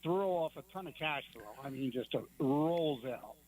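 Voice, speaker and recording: A man's voice: on the high side, expressive, moderate pace, a little mellow, low-quality recording. A man calling in to a radio show, talking plainly about business. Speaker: caller. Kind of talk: phone-in conversation.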